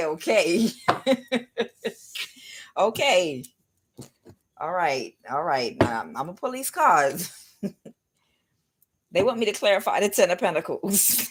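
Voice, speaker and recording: A woman's voice: low-pitched, a little hiss or hum. A woman giving a casual spiritual tarot reading, rambling and speculative, talking straight to her viewers. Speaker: tarot reader.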